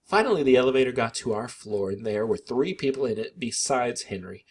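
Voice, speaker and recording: A man narrating a children's story aloud, his pitch rising and falling with lively expression. His voice carries a husky, slightly breathy grain. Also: fairly quick. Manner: animated, expressive.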